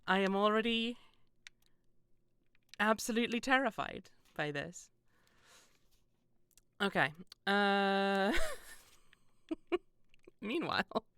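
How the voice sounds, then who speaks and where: A young British woman chats casually while streaming a game, rambling, poking fun at herself, and laughing often. Her mid-range voice is animated and fairly bright, and she takes it slowly with frequent pauses. The tone is clean and the recording dry.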